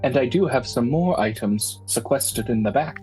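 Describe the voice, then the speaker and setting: A man voicing a grim, deadpan shopkeeper of about fifty who speaks in a flat, formal, polite way. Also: medium pitch, moderate pace, natural voice. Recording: faint background music.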